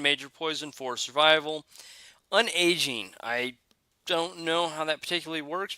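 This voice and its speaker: A man talks through game changes in a relaxed, thinking-aloud way, often pausing on filler sounds and restarting his sentences. His voice is very bright and smooth. The recording is dry and close, with no room sound. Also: a little high, dry recording. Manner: hesitant, many "uh" fillers and restarts. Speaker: gaming video creator. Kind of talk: casual game commentary.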